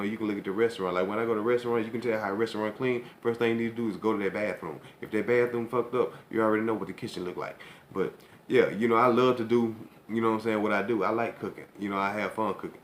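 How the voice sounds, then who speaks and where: Fast-talking, low-voiced man cooking. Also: fairly bright tone. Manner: laid-back, rambling, keeps asking viewers if they follow. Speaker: home cook. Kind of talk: casual cooking vlog chat. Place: home kitchen. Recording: echoey kitchen, faint background noise.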